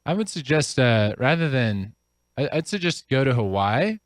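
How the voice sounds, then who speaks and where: A man on a comedic advice panel, talking haltingly with many fillers and deadpan jokes. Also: medium pitch, no room sound, studio quality.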